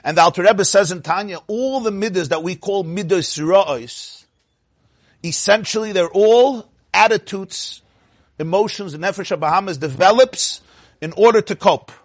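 Man, rabbi giving a Torah class; higher voice, dry close sound, animated and questioning. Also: normal speed, no echo. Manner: animated, asks the audience "huh?" and acts out quotes.

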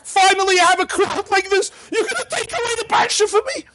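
A man voicing an old synagogue Torah reader who pleads in a high, strained, near-sobbing voice. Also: quick pace, noisy background. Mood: anguished pleading.

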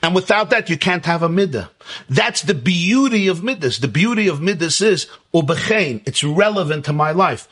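Man, Torah teacher, high husky voice, lively swooping pitch, emphatic rhetorical lecture. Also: moderate pace. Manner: emphatic, rhetorical questions, repeats key words. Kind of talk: Hasidic lecture.

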